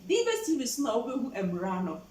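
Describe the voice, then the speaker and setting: A woman's voice: a little high, wildly swooping pitch, fairly quick, a little mellow, echoey room, distant mic, a little hiss or hum, low-quality recording. A Ghanaian woman hosting a show, passionately explaining the law and switching between English and Twi. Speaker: host.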